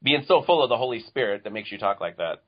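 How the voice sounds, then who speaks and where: A man's voice: on the low side, animated, quick pace, lo-fi sound. A man as a guest in a casual podcast chat, dry and sarcastic, who laughs often.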